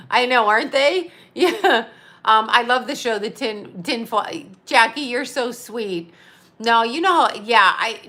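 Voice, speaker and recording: A woman's voice: a little high, sharp tone. A woman in her fifties chatting casually on a live stream, blunt and profane as she rants. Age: 50s. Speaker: psychic medium hosting a live stream. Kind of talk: casual live-stream chat reading viewer comments.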